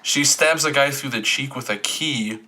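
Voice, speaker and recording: A man's voice: medium pitch, moderate pace, sharp tone. A young man co-hosting a casual movie podcast, joking and playful. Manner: joking, playful, mock-emotional. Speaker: podcast co-host. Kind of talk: casual chat. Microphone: USB microphone.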